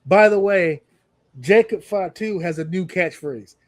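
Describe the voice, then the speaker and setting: A man co-hosting a casual podcast chat, telling stories with lively acted-out quotes. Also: high voice, a little slow, no room sound. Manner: animated storyteller who acts out wrestlers' lines. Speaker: podcast co-host.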